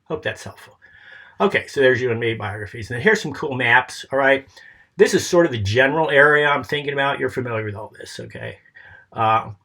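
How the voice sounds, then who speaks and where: A man's voice: medium pitch, animated, fairly quick, gravelly, sharp tone. A man casually walking someone through a business plan, giving advice in a rambling way and often checking in with "okay?" and "all right?". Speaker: presenter explaining a business plan.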